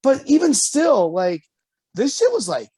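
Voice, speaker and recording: A man telling a story on a casual podcast, animated and swearing often, jumping high when quoting himself. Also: measured pace, breathy edge, no room sound. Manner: animated, swears often, jumps to high pitch for quoted lines. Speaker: podcast co-host.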